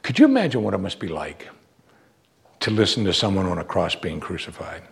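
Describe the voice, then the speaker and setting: A man's voice: low voice, very animated, brisk, gravelly. A man preaching a sermon, earnest and emphatic, pushing his voice up on key words.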